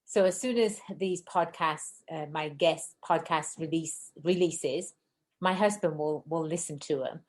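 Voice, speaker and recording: Fast-talking effusive woman. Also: sits low. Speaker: podcast host. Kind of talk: casual interview chat.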